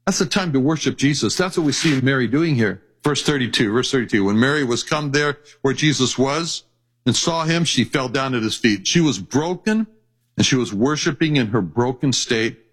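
A man preaching a sermon, earnest, repeating scripture references and slowing down on key phrases. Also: medium pitch, fairly bright tone, husky, rough recording.

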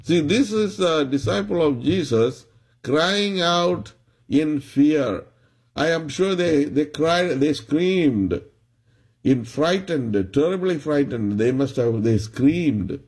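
A man preaching a sermon, retelling a story in a slow, halting way with many restarts. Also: on the high side, expressive, darkish tone, breathy edge.

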